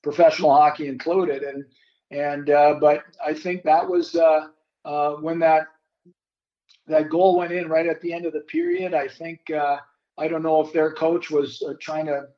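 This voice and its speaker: Older man, former player, interview, measured, slightly high voice, lo-fi. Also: steady tone. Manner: measured, searching for words. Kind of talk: reflective interview.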